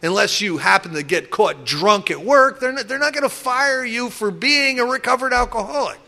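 A middle-aged man in recovery telling stories from his drinking past in a casual, animated way, acting out other people loudly and restarting his sentences often. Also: very high-pitched, normal speed. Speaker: recovering alcoholic sharing his story. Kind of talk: casual storytelling talk.

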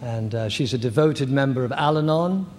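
An older man in his sixties giving personal testimony as a recovery meeting speaker, halting, candid and self-deprecating. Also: medium pitch, a little mellow. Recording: echoey hall with faint noise.

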